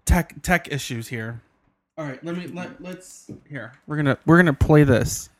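A man co-hosting a podcast trades casual, crude banter in a slightly high voice at normal speed, giggly and laughing often as he talks.

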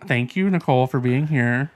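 A man's voice: mid-range voice, moderate pace. A man hosting a podcast, chatting casually in a blunt way and swearing freely. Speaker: podcast host. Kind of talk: casual chat.

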